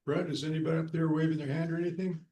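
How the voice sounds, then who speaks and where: A man's voice: on the high side, little pitch movement, very fast, mellow. Man hosting a story night, echoey room. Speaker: host.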